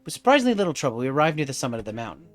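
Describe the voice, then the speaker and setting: A man's voice: mid-range voice, racing, faint music behind. A man streaming a story game, narrating its events expressively in the first person. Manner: expressive, theatrical, animated.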